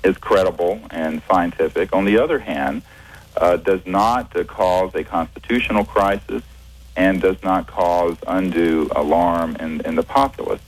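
A man being interviewed on radio as a researcher, speaking in a measured, hesitant way with many fillers and restarts. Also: low voice, steady tone, poor audio. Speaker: guest, researcher.

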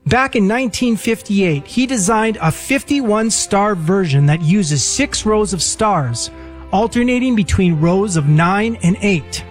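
A man's voice: sits high, animated, measured pace, faint music behind. A man reading scripted narration for a radio story segment.

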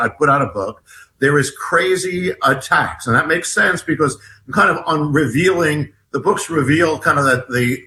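A man, a guest author, tells a long personal story in an interview, halting and restarting often and acting out the dialogue. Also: a little high, pushed and bright.

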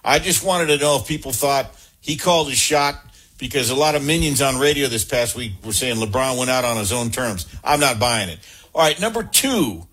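A man hosting a call-in sports radio show, brisk and joking as he keeps the calls moving. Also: medium pitch, expressive, fairly bright tone, breathy edge.

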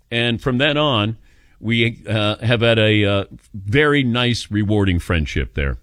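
A man's voice: mid-range voice, unhurried, dry recording, clean studio sound. A man hosting a sports radio show, telling a story in a casual way and acting out the voices of the people in it. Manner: animated storyteller, acts out quoted voices. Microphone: studio microphone.

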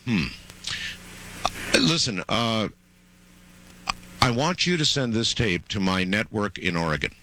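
Bright-voiced male radio host. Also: lowish voice, big pitch swings, slow, pauses often, slight background noise. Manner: interrupting, insistent, stammering repeats. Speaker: radio talk show host. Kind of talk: late-night radio call-in talk.

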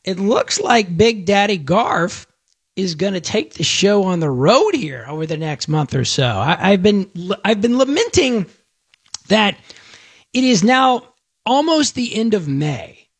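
Man radio host, high and gravelly, husky edge, dry close studio mic, rambling jokey patter. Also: big pitch swings, a little slow, dry recording. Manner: chatty, joking, rambling with fillers and restarts. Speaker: radio talk show host. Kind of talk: casual radio talk. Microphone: studio microphone.

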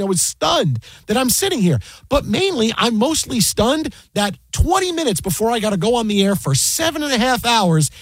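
Man, middle-aged, high-pitched, husky, rapid storytelling, dry close sound. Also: no room sound. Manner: animated, acts out quoted dialogue, many restarts. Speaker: sports broadcaster and podcast guest. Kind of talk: casual storytelling chat.

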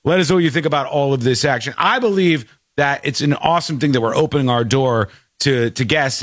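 A man's voice: medium pitch, no echo. A man hosting a talk show, chatting casually and reading listener comments aloud from his home studio. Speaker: show host.

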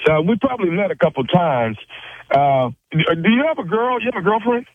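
Male prank caller, slightly high, pushy with stifled laughs; dry, tinny phone audio. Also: expressive, normal speed, slightly rough, no echo.

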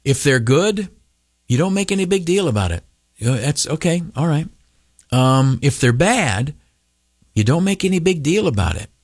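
At a moderate pace, a male broadcaster on the radio gives a spirited motivational talk, dropping in frequent uhs and mocking high voices. The recording is dry and studio-clean.

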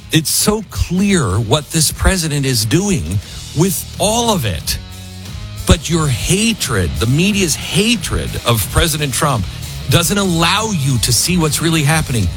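A male radio talk show host giving emphatic, argumentative political commentary. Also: on the high side. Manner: emphatic, argumentative, shifts quickly between loud and hushed.

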